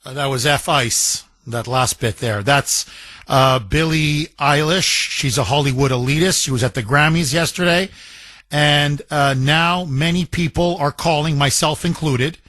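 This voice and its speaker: A man's voice: fairly high pitch, unhurried, pushed and bright, dry recording. A man hosting a talk radio show from a studio, delivering a combative, emphatic monologue and taking calls. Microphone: studio microphone.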